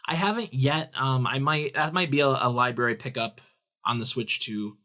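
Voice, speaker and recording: Halting male podcast co-host. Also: mid-range voice, pushed and bright. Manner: hesitant, lots of ums and restarts. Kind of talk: casual podcast chat, reading news aloud.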